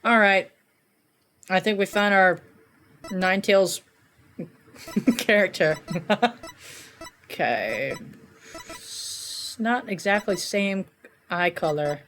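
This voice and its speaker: A woman's voice: medium pitch, animated, slow pace, long pauses, fairly bright tone. A woman streaming a game, giggling and musing aloud as she reads. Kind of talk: gameplay commentary. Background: game music.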